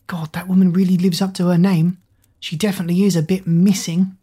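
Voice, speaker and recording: A woman reads as a restless teenage schoolgirl with a snappy, offhand way of talking. Her voice sits a little low, and she sounds distracted and short with the people around her. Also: little pitch movement, fairly quick, dark tone, husky.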